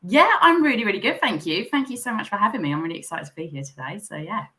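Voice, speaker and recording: A young woman with a Southern English accent, a coach appearing as a podcast guest, bubbly and quick to laugh. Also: medium pitch, animated, bright, forceful tone. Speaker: guest, time management coach. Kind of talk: podcast interview.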